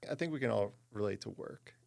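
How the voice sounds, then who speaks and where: Man, low voice, gravelly fry, earnest, emphatic, podcast co-host. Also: animated, fast talker, a little mellow. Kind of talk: casual chat.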